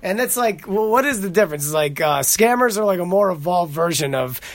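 A man's voice: high voice, brisk, no echo. A man hosting a podcast, talking casually and profanely, getting heated as he tells a story. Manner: profane, animated storytelling, heated when retelling. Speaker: podcast host. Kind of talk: casual solo podcast rant.

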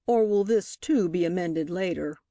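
A woman reading the part of a sharp, relentless male courtroom lawyer, with a pointed, cross-examining delivery. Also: mid-range voice, lively intonation, moderate pace, dry recording, studio quality, close to an everyday voice. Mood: sharp, pressing. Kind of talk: audiobook character reading.

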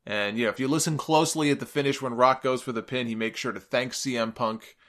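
Male recapper, mid pitch, casual storyteller, animated and amused. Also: fast. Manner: animated, amused, quotes people in raised voices. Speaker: wrestling commentator recapping a match.

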